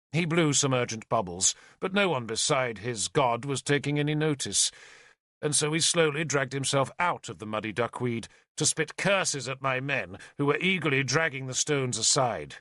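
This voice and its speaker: Expressive storytelling marks this man's audiobook narration, delivered in a mid-range voice at normal speed. No room sound is audible, and the studio sound is clean.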